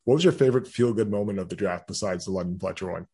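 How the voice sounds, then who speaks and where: A man co-hosting a casual sports chat, speaking in a measured way with many filler ums. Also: low-pitched, dark tone, breathy edge. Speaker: podcast co-host.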